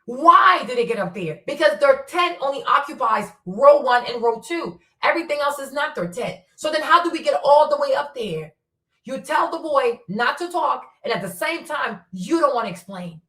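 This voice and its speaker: A woman's voice: sits high, expressive, normal speed, sharp tone, distant mic. Blunt profane woman firing questions. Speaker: commentator. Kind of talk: impassioned commentary. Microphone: streaming setup. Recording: roomy sound from away from the mic.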